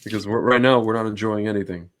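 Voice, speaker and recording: A man co-hosting a podcast in casual chat, agreeable and quick to say yeah. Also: fairly low pitch, steady tone, a little hiss or hum. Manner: agreeable, keeps saying yeah. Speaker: podcast co-host.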